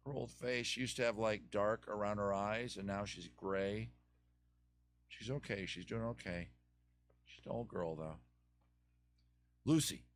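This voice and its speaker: A man's voice: mid-range voice, a bit bright, no room sound. A man hosting a live advice stream, chatting casually and joking as he thinks aloud with many restarts.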